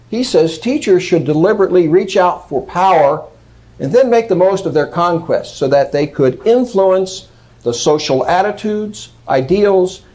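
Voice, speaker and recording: A man's voice: on the high side, darkish tone, poor audio. A man giving a lecture, reading out quotes and commenting on them emphatically, often checking in with "okay?".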